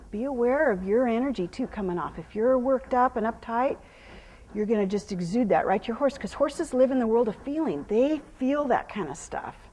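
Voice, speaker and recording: A middle-aged woman horse trainer teaching a live clinic, calmly explaining as she works a horse and slipping into soft praise and hushed whispers to it. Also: a little high, normal speed, big-room sound, noisy background. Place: horse arena during a clinic.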